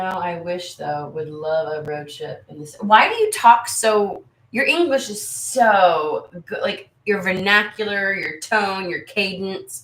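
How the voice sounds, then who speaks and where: A woman's voice: mid-range voice, a bit bright, echoey room. An American woman hosting a tarot channel, chatting casually with viewers in a rambling, candid way and swearing freely. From United States. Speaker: tarot reader and channel host. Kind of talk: casual livestream chat with viewers.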